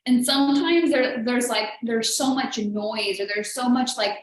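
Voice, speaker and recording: A woman's voice: fairly high pitch, unhurried, few pauses. Earnest woman coach in an echoey room. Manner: chatty and earnest, heavy use of "like". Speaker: business coach hosting a live show. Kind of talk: motivational live-stream talk.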